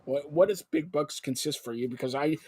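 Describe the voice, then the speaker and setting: A man hosting a live broadcast, talking in an excitable, rambling way that jumps between topics. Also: on the high side, a little fast, slightly rough, no echo. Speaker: host. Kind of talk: live call-in broadcast chat.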